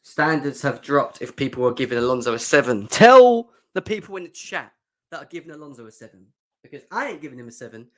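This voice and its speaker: A man's voice: medium pitch, animated, quick pace. A young man hosting a fan livestream, chatting sarcastically and reacting to comments from the chat. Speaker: fan show host.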